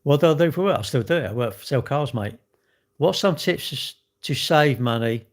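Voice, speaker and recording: A man's voice: medium pitch, animated, fairly quick. A middle-aged man with a British accent, rambling bluntly in slangy casual chat while answering a livestream chat.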